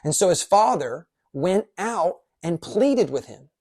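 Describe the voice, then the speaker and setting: A pastor giving a casual devotional teaching in a lively, conversational way, dropping quick asides. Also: medium pitch, husky.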